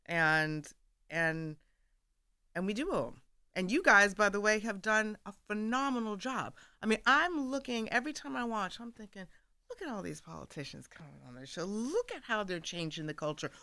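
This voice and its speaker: A woman guest on a radio studio show, telling stories with animated energy and laughing often as she acts out bits of dialogue. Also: medium pitch, normal speed, no echo. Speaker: guest author. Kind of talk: candid storytelling in conversation.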